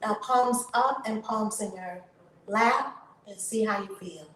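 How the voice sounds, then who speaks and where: A woman hosting her channel, leading a guided tapping session with slow, drawn-out chanted affirmations that turn breathy and emphatic. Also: mid-range voice, a bit bright. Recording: echoey room, distant mic, faint noise.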